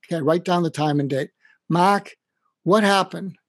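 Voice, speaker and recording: A man imitating an older male mentor with a Boston accent, who gently presses him with questions and keeps repeating his name. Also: sits high, normal speed, dry recording, studio quality. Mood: coaxing. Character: older male mentor, warm, coaxing, insistent.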